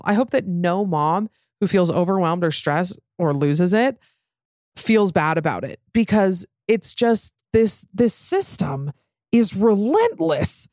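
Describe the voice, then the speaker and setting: A woman's voice: lowish voice, big pitch swings, slow, a little mellow, dry recording, clean studio sound. Candid young woman chatting, lots of fillers. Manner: rambling, filler-heavy, frank with swearing. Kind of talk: casual candid chat.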